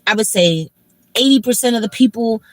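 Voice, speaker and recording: A woman with a fairly high, brisk voice hosts a casual livestream from a moving car, venting emotionally and bluntly. She rambles, leans heavily on the filler "like," and swears freely. The recording is low quality but has no echo.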